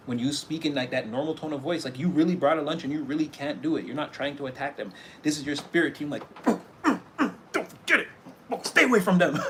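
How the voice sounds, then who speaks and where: A man's voice: fairly high pitch, slight background noise. A man giving a casual tarot reading, talking animatedly and acting out little scenes, often breaking into laughter. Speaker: tarot reader.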